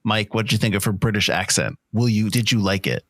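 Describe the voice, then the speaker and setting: A man's voice: lowish voice, a little fast, fairly bright tone, no room sound, studio quality. A man co-hosting a casual film podcast, asking his guests long, rambling questions full of restarts. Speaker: podcast co-host.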